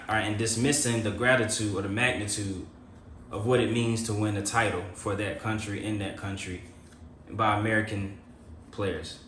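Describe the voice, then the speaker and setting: A man co-hosting a casual podcast, blunt and questioning, quick to laugh. His voice sits a little low. The room rings with echo, and a faint hiss sits underneath. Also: a bit bright. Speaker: podcast co-host. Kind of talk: casual chat. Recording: echoey room with faint background noise.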